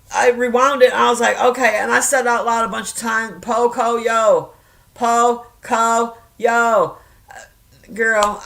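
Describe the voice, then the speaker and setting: A woman's voice: medium pitch, gravelly. A woman in her fifties chatting casually on a vlog, rambling and swearing freely, often breaking into laughter. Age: 50s. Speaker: reaction vlogger. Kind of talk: casual chat.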